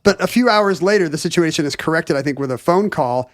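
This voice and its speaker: A man's voice: on the high side, expressive, fast talker, no echo, clean studio sound. A man co-hosting a podcast, telling a history story in a joking, playful way and laughing often. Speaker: podcast co-host. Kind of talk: casual chat, storytelling.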